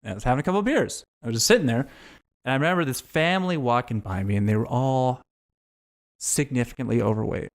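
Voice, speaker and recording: A man's voice: medium pitch, fast talker. A man, a podcast guest telling candid, profane, self-reflective stories in casual conversation.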